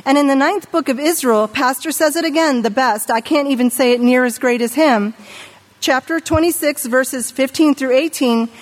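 A middle-aged woman preaching a sermon in an animated way, asking her listeners questions and acting out the voices she quotes. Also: high-pitched, normal speed, in a large hall.

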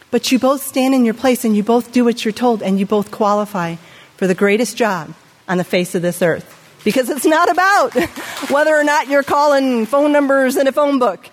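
A middle-aged woman preaching a sermon in an animated way, asking her listeners questions and acting out the voices she quotes. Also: high voice, big-room sound.

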